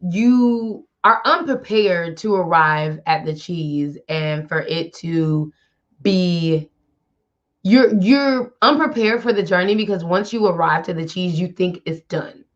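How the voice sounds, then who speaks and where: A woman's voice: lowish voice, animated, takes it slowly, lo-fi sound. A woman hosting a wellness show, talking bluntly and casually straight to the listener. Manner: blunt, chatty, addresses listener directly. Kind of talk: casual motivational talk.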